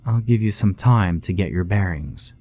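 A man voicing a lonely, kind middle-aged woman who speaks in a gentle, cooing, reassuring way in a horror story reading. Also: sits low, normal speed.

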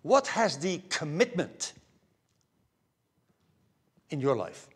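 A man preaching a sermon as pastor, earnest, moving between raised emphasis and hushed near-whispers. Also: on the high side, very animated, slow, husky. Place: church pulpit.

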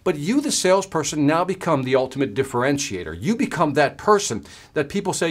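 Man, sales trainer, workshop talk, storytelling, very lively pitch, fairly high voice. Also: brisk. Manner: storytelling, acting out both sides of the conversation; keeps checking in with "right?".

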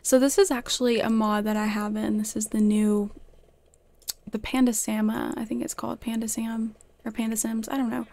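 A chatty woman commenting on her game session as she plays, quick to gasp and laugh. Her voice sits a little high, with a gravelly fry running through it. The sound is close and dry, with almost no room around it. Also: no room sound. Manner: chatty, excitable, gasps and laughs often. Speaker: game streamer. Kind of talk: casual gameplay commentary.

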